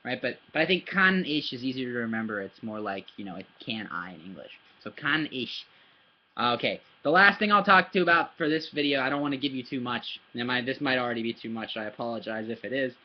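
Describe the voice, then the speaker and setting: Brisk and animated, a mid-range male German tutor works with a child in a relaxed lesson, though the audio is dull. He stays patient, repeating words and frequently checking "yeah?", and uses paper and his hand to demonstrate sounds.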